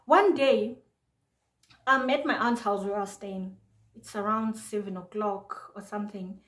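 A young woman from Zimbabwe tells a story from her life in a casual vlog, acting out both sides of a phone argument in lively voices. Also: medium pitch, unhurried, reverberant. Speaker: vlogger.

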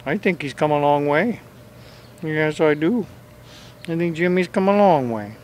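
A man's voice: a little high, unhurried, darkish tone, a little hiss or hum. A man filming his dogs and coaxing them in sing-song baby talk.

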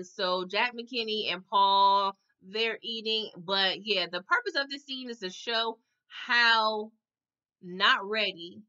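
A sassy woman chats her way through a TV episode recap, talking straight to her viewers. Her voice is bright and forward. The recording sounds a little dull and lo-fi. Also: mid-range voice. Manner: sassy, animated, addresses viewers as y'all. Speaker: TV recap host. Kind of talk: casual recap chat.

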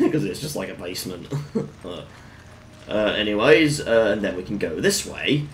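A man's voice: lowish voice, expressive, moderate pace, a little hiss or hum. A man giving casual let's-play commentary, chatty and swearing, with lots of fillers and laughing at his own jokes. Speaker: gamer.

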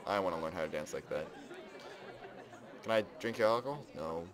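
A man giving casual let's play commentary, excitably exclaiming and narrating what he does in the game. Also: sits low, fairly quick, crowd noise. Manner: excitable, exclaims and narrates his own actions. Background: game music.

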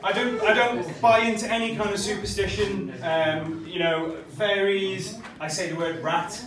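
A male comedian talks through his set in a loose, sweary, conversational way and trades banter with the audience. His voice sits high for a man. He is heard from across the room on a noisy, strongly echoing live recording. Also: steady tone, normal speed. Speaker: stand-up comedian. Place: small comedy club venue. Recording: distant, echoey live venue recording with heavy noise. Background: audience laughter.

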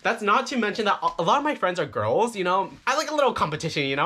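A flamboyant young man talks straight to his viewers in a campy, foul-mouthed confessional vlog. His voice is bright and forceful, and his pitch swoops all over as he jokes. He sounds excited and playful throughout. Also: fast talker, few pauses, slight background noise. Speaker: vlogger.

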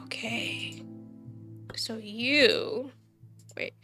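Bright-voiced woman streaming a game. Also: a little high, slow pace, creaky, long pauses, faint music behind. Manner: chatty, thinks aloud and quizzes the game characters. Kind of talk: casual let's-play commentary.

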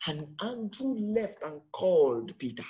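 A man preaching a sermon, acting out quotes and swinging between shouts and hushed lines, repeating words for emphasis. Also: high voice, sing-song, a little slow. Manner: dramatic, swings from loud to hushed, acts out quotes.

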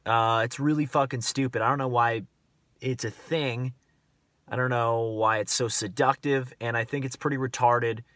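A man's voice: medium pitch, steady tone, normal speed, fairly bright tone, dry recording. A young man rambling bluntly to his viewers in a casual, profane rant, full of fillers and restarts. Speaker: vlogger.

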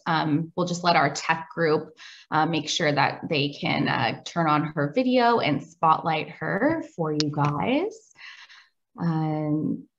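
A practical woman organizing a virtual event speaks in a low, gravelly voice. Her call audio sounds dull and lo-fi. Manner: practical, filler-heavy. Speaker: event organizer handling tech and chat. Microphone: video call.

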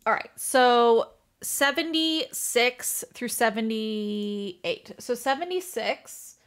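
A woman with a slightly high voice runs through a book recap in casual chat. She gushes and fangirls about her favorite moments. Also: animated, takes it slowly, clean tone. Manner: gushing, fangirling. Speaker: book club host.

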